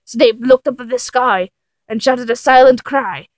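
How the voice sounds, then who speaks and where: A woman's voice: a little high, unhurried, no room sound, low-quality recording. A woman reading a fanfiction aloud for comedy in a theatrical way, giggling and sounding incredulous at the text. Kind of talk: comic dramatic reading.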